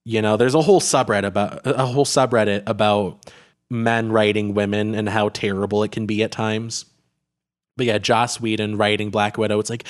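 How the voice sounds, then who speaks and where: A man's voice: lowish voice, flat delivery, moderate pace, smooth. A man in casual conversation, talking about a film with lots of fillers and restarts. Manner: rambling, heavy on filler words and restarts. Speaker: podcast co-host reviewing a film.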